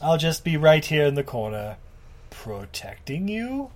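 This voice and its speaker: A man voicing a lecherous old sea-captain ghost in a hushed, slow, creepy tone. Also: fairly high pitch, big pitch swings, very noisy.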